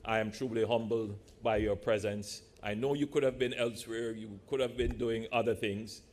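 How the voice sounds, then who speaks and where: Man, politician, public speech, measured and deliberate, playful asides, lectern mic, large church hall. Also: lowish voice, fairly even intonation, a little mellow, a little hiss or hum. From Jamaica. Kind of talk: public speech to a live audience.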